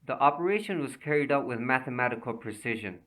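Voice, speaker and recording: A man narrating a thriller audiobook in a steady, measured reading. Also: mid-range voice, far from the mic, poor audio.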